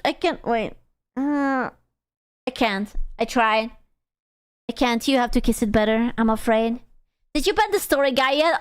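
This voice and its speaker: A young woman streaming, chatting casually in a playful, silly way and breaking into excited squeals. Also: on the high side, moderate pace, clear, resonant tone. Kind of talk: casual livestream chat.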